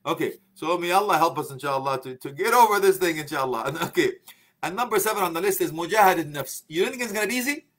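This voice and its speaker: A man's voice: a little high, expressive, fast talker, fairly bright tone. A middle-aged man giving an informal religious talk as a preacher, chatty and joking, laughing often and sprinkling in Arabic phrases. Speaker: Islamic preacher.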